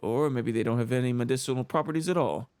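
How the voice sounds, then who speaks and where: A man's voice: mid-range voice, fast, a little mellow, clean tone, no echo, natural voice. A man voicing a playful, eccentric young female adventurer who talks in a light, offhand way. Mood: breezy.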